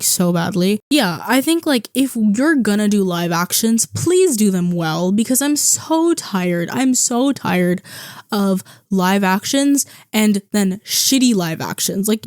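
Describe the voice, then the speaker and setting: A woman's voice: medium pitch, darkish tone, no room sound, studio quality. A young woman vlogging a casual, rambling movie review, tired and chatty, full of "like" and "um".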